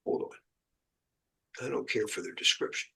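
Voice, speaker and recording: A man's voice: normal speed, bright, forceful tone. An American man teaching exam prep in a casual, jokey chat, full of uh and um. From United States. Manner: chatty, jokey, lots of uh and um. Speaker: cybersecurity exam instructor.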